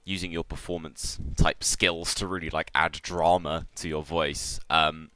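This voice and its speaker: A man's voice: a bass voice, little pitch movement, unhurried, pushed and bright, smooth. A man narrating as game master of a tabletop role-playing game, in loose descriptive narration with many fillers.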